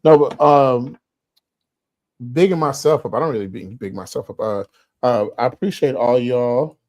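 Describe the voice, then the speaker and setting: A man guest in a casual livestream chat, easygoing and quick with laughing asides, over a video call. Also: mid-range voice, darkish tone, no room sound.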